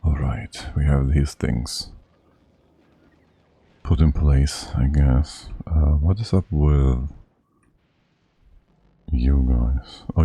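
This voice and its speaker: A man's voice: rumbling low, dark tone, husky, no echo. A man streaming a game live, thinking aloud and talking to himself in a slightly out-of-breath, casual way. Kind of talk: casual live-stream commentary while playing.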